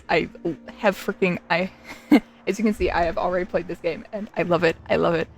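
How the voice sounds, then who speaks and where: Giddy young woman with vocal fry. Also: medium pitch, sing-song, moderate pace, faint music behind, rough recording. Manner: giddy, gushing, repeats herself. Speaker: gaming video creator. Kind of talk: excited casual gameplay commentary.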